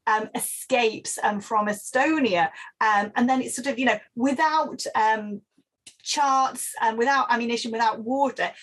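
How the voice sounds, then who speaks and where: A woman's voice: on the high side, unhurried. A woman researcher speaking as a podcast guest, casual and emphatic.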